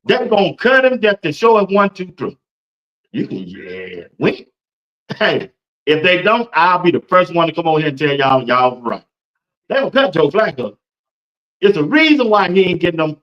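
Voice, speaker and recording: Chatty sports-stream host. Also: male voice, high-pitched, lively intonation, moderate pace, a bit bright, muffled recording. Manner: chatty, loose, laughs often, talks to chat viewers by name. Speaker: sports talk show host. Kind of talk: casual live-stream sports talk.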